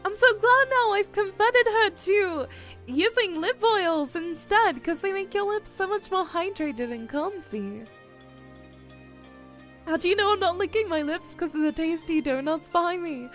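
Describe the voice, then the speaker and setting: A woman's voice: extremely high pitch, animated, unhurried, fairly bright tone, faint music behind. A young adult woman streamer chatting casually with her viewers, giggling often and whining in a playfully dramatic way. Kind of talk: casual livestream chat.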